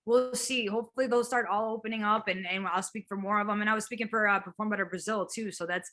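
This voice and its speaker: A woman, a physical therapist, chatting as an interview guest, animated and quick to act out quotes and laugh. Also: mid-range voice. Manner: animated storyteller, acts out quotes, laughs often, swears casually. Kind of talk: casual interview chat.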